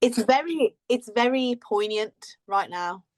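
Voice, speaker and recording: A woman's voice: a little high, lively intonation, unhurried. A woman co-hosting a podcast in casual chat, rambling and laughing often. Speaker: podcast co-host.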